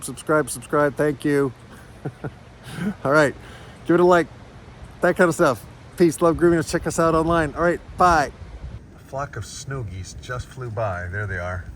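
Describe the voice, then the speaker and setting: A middle-aged man, a farm church minister, chatting casually on a windy farm and cooing at his animals in high baby talk.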